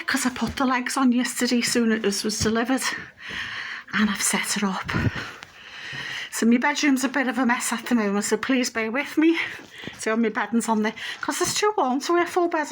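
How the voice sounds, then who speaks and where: A middle-aged woman from England with a slightly high voice. She chats casually to her viewers, rambling and homely as she walks about her house. She holds the camera in her hand while she talks. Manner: chatty, rambling, homely, shows things off while walking around. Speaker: vlogger. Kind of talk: casual home vlog chat. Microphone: handheld camera.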